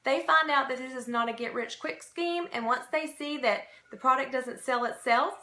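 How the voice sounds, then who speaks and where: Bright, high-voiced emphatic woman. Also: normal speed, reverberant. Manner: emphatic, repetitive, pep-talk delivery. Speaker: team leader giving a sales training. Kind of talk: motivational training talk.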